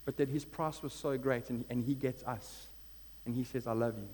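A man's voice: mid-range voice, fairly even intonation, normal speed, darkish tone. A man preaching a sermon as pastor, earnest and building to emphatic peaks. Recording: long hall reverb with mains hum.

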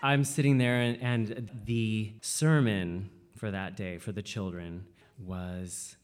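Animated man telling a personal story. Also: lowish voice, unhurried. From Washington state, USA. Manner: animated, jumps into quoted voices, many "like" fillers.

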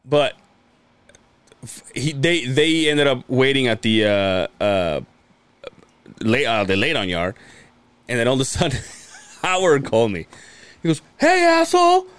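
A man's voice: medium pitch, expressive, a little slow, long pauses, a bit bright, clear, resonant tone, no room sound. A man co-hosting a podcast, telling casual profane stories and mimicking coworkers' voices. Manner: profane storyteller, acts out others' voices. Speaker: podcast co-host.

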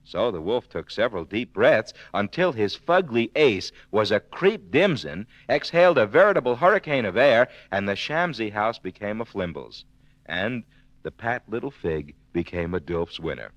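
A man telling a comic tale full of swapped sounds, playful and lively, on an old record. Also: fairly low pitch, a little slow, no room sound, highs cut off. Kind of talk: comic storytelling in spoonerisms.

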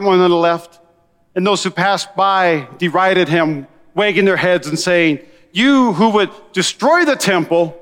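A man preaching a sermon as pastor, energetic and conversational, calling out to his congregation. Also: high-pitched, clear, resonant tone, big-room sound.

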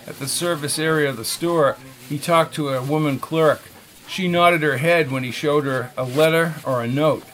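Steady male audiobook narrator. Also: on the high side, moderate pace. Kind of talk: scripted narration.

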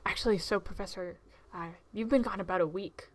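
A woman playing a tabletop game, talking in a chatty, expressive way. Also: medium pitch, a little fast, a crowd in the background. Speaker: player. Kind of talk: casual tabletop play.

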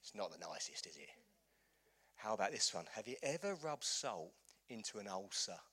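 Pastor preaching in church, bright forceful voice, keeps firing questions at the crowd. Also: male voice, lowish voice, very animated, moderate pace, breathy edge. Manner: impassioned, urging, rhetorical questions. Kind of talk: sermon.

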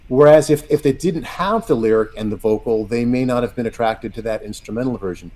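A male guest songwriter explaining things in conversation, deliberate with a few stammers. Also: medium pitch, a little mellow.

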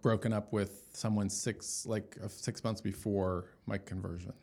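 A man's voice: on the low side, level tone, a little slow, warm tone. A man giving an emotional personal testimony as an interview guest, talking in a storytelling way with many fillers and restarts.

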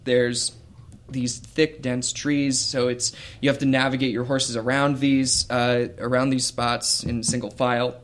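A man narrating as game master of a tabletop role-playing game. He speaks slowly and breaks up his sentences with hesitations and fillers, at a mid pitch. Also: little pitch movement. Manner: slow, hesitant, with many fillers.

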